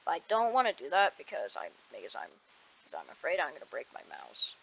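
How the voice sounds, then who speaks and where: A woman's voice: low-pitched, huge pitch swings, fast, vocal fry, fairly bright tone, a little hiss or hum, low-quality recording. A woman chatting casually to herself while playing a game at her computer, rambling and breaking off mid-sentence, speaking into a cheap headset mic held away from her mouth. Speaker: gaming streamer. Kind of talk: casual gameplay commentary. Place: at a computer desk at home.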